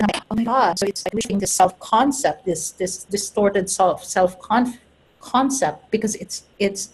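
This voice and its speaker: A woman's voice: medium pitch, darkish tone, slight background noise, poor audio. A woman talking casually about spiritual growth, earnest and laughing at herself now and then. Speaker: host and spiritual coach.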